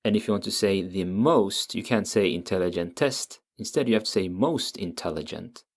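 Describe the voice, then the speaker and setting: A man teaching a language lesson, patiently explaining grammar and repeating each example word slowly. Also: low-pitched.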